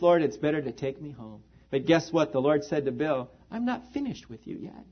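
A man preaching a sermon as pastor, earnest and full of rhetorical questions to the congregation. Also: a little high. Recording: dull lo-fi recording.

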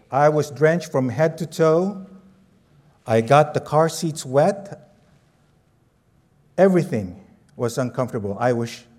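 A man from the Philippines, preaching a sermon with a personal story and asking the audience questions in a lively, conversational way. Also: fairly high pitch.

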